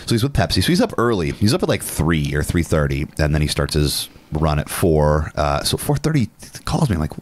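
Very low-voiced animated man, casual chat. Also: fast talker. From Northern California. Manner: animated storytelling, swears freely. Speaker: podcast co-host.

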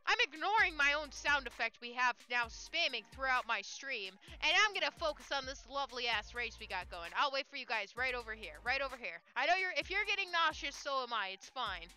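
A woman's voice: high-pitched, lively intonation, a little fast, hardly any pauses, sharp tone, faint music behind. A woman streaming from home, chatting casually with her chat, teasing friends and giggling.

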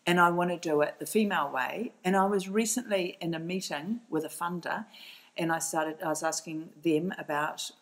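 A woman's voice: lowish voice, normal speed, rough recording. A middle-aged woman with a New Zealand accent, a documentary filmmaker speaking as a podcast guest, passionate and emphatic, often restarting her sentences. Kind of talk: podcast interview.

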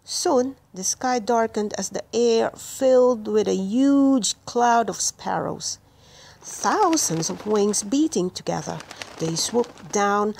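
A woman reading a children's picture book aloud in a slow, clear storytelling manner, with music playing behind. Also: medium pitch, expressive, a little mellow. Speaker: storybook reader. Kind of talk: children's read-aloud narration.

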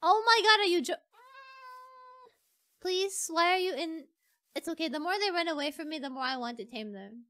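A woman streamer giving casual gameplay commentary, excitable and pleading as she coaxes a pet. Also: sits high, normal speed, long pauses, dry recording.

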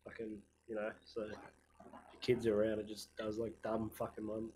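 A man's voice: fairly low pitch, monotone, normal speed. A man chatting casually with friends while gaming, rambling and swearing often. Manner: rambling, crude, swears a lot. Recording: loud background noise.

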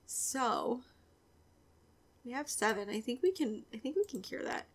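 A chatty young woman talks through her game in a casual, giggly way, her voice sitting a little high. She often sinks into a soft, breathy near-whisper. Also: animated, measured pace. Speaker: gaming video creator. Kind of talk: casual let's-play commentary.

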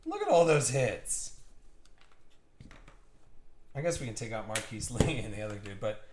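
Excited man hosting a card break. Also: mid-range voice, normal speed, slight background noise. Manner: excited, joking, talks to viewers. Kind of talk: live-stream card break chat. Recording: echoey room.

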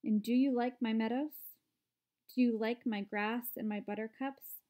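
A woman's voice: on the high side, fairly even intonation, moderate pace, mellow, natural voice. Mister Wonka, showy candy maker, a woman reading. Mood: enthusiastic. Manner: enthusiastic and showy. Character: eccentric showman chocolate maker, male, excitable.

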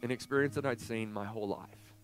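A pastor in his forties preaching a sermon, telling a personal story with animated swings from hushed to loud. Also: lowish voice, brisk, no room sound, faint music behind. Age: 40s. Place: church sanctuary.

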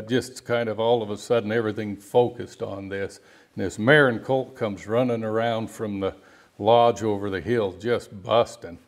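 Low gravelly-voiced rancher man. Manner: rambling, halting storyteller with many restarts. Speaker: rancher and outfitter. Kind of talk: storytelling interview guest.

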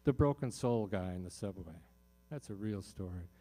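A man's voice: low voice, expressive, normal speed, warm tone. A man, a singer-songwriter on a concert stage, telling a heartfelt personal story to a live audience with many fillers and restarts.

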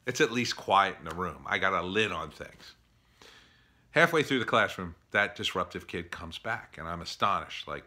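A middle-aged man telling a story in a casual opinion monologue, animated, acting out others in exasperated bursts. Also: deep voice, moderate pace.

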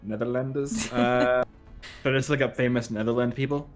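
A joking man banters on a live game stream, pitching silly ideas and reading chat messages aloud. His voice sits at an average pitch for a man. Faint music plays behind the chat. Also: steady tone, moderate pace. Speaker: streamer co-host. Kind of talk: casual live-stream chat over gameplay.

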